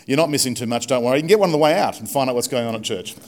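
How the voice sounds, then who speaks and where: A male pastor delivers a relaxed sermon in a church. He talks in a chatty, self-deprecating way, with frequent fillers and restarts. His voice sits at an ordinary middle pitch for a man. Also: very fast.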